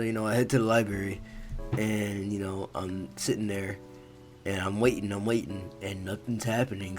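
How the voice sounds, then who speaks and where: Young man, casual storytime, laid-back and swearing, low monotone voice, faint music behind. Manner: laid-back, profane, full of fillers like "you know".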